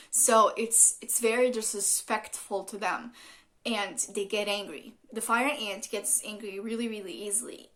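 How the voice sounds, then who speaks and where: A woman's voice: medium pitch, a bit bright. Casual rambling woman reading tarot. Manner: rambling, casual, swears freely, many fillers. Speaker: tarot reader.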